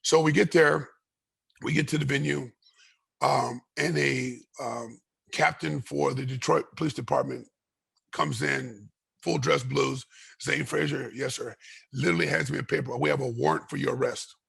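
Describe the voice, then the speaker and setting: Gravelly, raspy man telling a fight story. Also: medium pitch, moderate pace. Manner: animated storyteller, voices others in his story, repeats and restarts. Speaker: guest, retired fighter. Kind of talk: storytelling interview.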